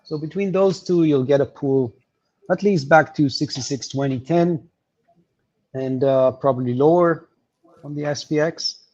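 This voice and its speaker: A man walking through market levels on a livestream, explaining with many pauses and fillers. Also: fairly high pitch, darkish tone, lo-fi sound. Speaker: market analyst guest.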